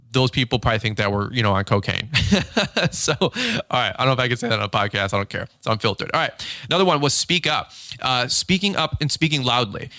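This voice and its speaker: Fast-talking, energetic man hosting a podcast. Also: mid-range voice, no room sound, clean studio sound. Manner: fast-talking, excitable, acts out quick dialogue. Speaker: podcast host. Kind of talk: unscripted podcast monologue.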